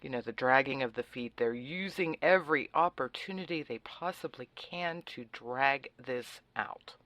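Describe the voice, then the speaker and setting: A woman's voice: a bass voice, normal speed, a bit bright, no echo. A woman hosting a talk radio show, speaking in a sarcastic, facetious and opinionated way in a conversational monologue.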